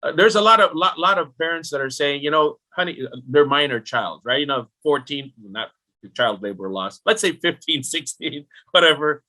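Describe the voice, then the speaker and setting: A middle-aged man explaining retirement planning as a podcast guest, lively and full of rhetorical questions aimed at the listener. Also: fairly high pitch, moderate pace. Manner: animated, rhetorical questions, talks directly to the listener.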